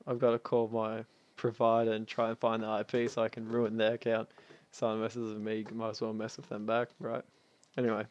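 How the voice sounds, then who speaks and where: Brief: male storyteller, gravelly low-key delivery, dry close sound, rambling and offhand. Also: dry recording. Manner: rambling, offhand, chuckles while telling. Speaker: clan founder recounting history. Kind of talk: casual spoken storytelling.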